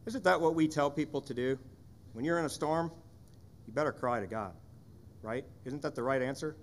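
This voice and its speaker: A man's voice: medium pitch, normal speed, long pauses, a bit bright. A man serving as pastor, delivering a sermon in an earnest, conversational way with frequent rhetorical questions.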